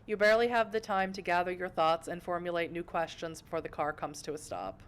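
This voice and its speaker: Her voice is fairly low, a little fast, and clean in tone. She's an American streamer playing a game at home, reading the visual novel aloud with playful, self-mocking asides.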